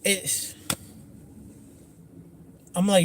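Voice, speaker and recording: A man's voice: a little high, flat delivery, unhurried. A man hosting a gaming livestream, ranting angrily with lots of swearing and restarts. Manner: angry, profane, repetitive restarts. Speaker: gaming channel host. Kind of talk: livestream rant.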